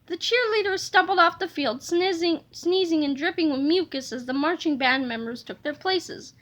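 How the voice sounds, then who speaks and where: A woman reading a children's storybook aloud in a lively, playful way, adding sound effects. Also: very high-pitched, moderate pace. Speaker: reader of a children's book.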